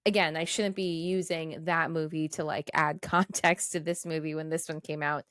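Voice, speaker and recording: A woman's voice: deep voice, level tone, normal speed, a bit bright, dry recording, clean studio sound. A woman co-hosting a podcast in casual chat, rambling and giggly with lots of fillers. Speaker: podcast co-host.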